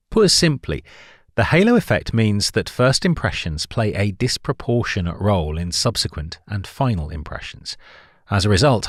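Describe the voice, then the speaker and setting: A man with a fairly low voice narrates a nonfiction book summary, his pitch moving up and down a lot as he leans on key words. The delivery is clear and measured, recorded close and dry with no room sound. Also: dry recording.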